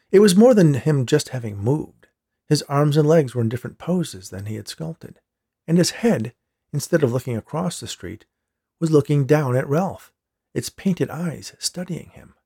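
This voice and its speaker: Husky, gravelly male storyteller. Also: on the high side, moderate pace. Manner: steady storytelling delivery. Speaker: story reader. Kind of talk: audiobook narration.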